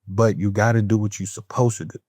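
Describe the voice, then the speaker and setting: A man with a lowish, mellow, warm voice, speaking as a podcast guest in a frank, streetwise way and constantly checking in with his listener. The sound is close and dry, with no room around it. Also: brisk, dry recording. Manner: streetwise talk, keeps asking "you know what I'm saying"; animated and laughing when talking about friends. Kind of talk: candid conversation.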